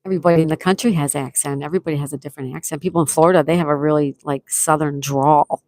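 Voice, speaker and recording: A woman's voice: sits low, fairly even intonation, very fast, darkish tone, no room sound, studio quality. A woman with a Buffalo, New York accent hosting a casual live stream, chatting and reading viewers' comments aloud before answering them. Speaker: livestream host.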